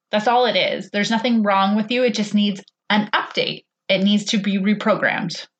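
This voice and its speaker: A woman's voice: mid-range voice, a bit bright. A woman hosting a podcast, casually telling a personal story and quoting others in a chatty, conversational way. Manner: chatty, quotes others in conversation, frequent "like" and "he's like". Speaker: podcast host.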